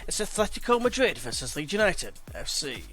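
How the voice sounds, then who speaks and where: This young let's play gamer has a voice on the high side, a bit bright, and very animated, talking a little fast. He chats casually in slang while calling the play-by-play in a football management game.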